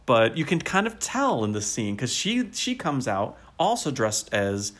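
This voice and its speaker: A man co-hosting a podcast in casual chat, animated and enthusiastic, laughing often and using a lot of fillers. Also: medium pitch, unhurried. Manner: frequent fillers such as "like". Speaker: podcast co-host.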